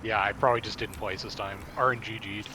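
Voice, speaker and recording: A man's voice: on the low side, fairly even intonation, quick pace, crowd noise. A man hosting a casual gameplay chat, making dry, knowledgeable, wry remarks. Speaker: gaming channel host. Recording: loud game noise and gunfire behind. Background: loud game sound effects.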